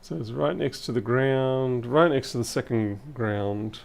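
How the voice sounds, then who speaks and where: A man thinking aloud in casual live-stream commentary as he repairs electronics, his voice a little hoarse and wavering. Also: medium pitch, a little slow. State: slightly hoarse. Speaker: repair technician livestreaming.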